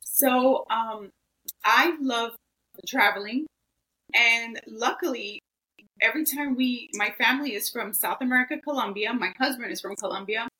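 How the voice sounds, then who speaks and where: A woman's voice: on the high side, normal speed, bright, forceful tone, poor audio. A woman guest in an interview, talking earnestly with many "you know" fillers. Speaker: guest, esthetician. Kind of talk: interview answers, storytelling.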